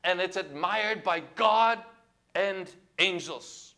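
Emphatic high-voiced male preacher. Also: lively intonation, takes it slowly. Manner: emphatic, rising to loud exclamations; asks the congregation to repeat words. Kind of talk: sermon.

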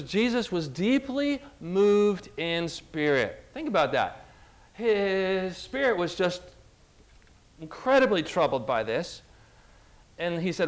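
A man with a somewhat high voice preaches an earnest sermon. He talks personally and with feeling, and retells scripture in his own words. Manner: earnest, emotional, retelling scripture with acted quotes.

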